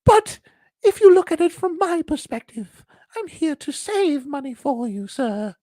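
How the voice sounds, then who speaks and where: A man voicing a talking wallet that whines and begs in a high, squeaky voice. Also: very animated, measured pace, mellow, no echo, clean studio sound, heavily acted. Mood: pleading. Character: whiny pleading talking wallet, frantic, male.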